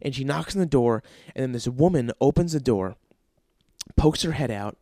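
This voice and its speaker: A man casually telling an anecdote with lots of swearing, fillers and animated energy. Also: mid-range voice, normal speed, no echo, studio quality. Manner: animated, profanity-laced storytelling with frequent fillers.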